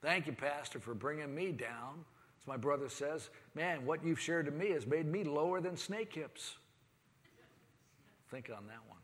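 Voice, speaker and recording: A man preaching a sermon as pastor, swinging between fervent rising passages and quiet, grave reflection. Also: fairly high pitch, expressive, unhurried, big-room sound. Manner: preaching with rising, impassioned delivery.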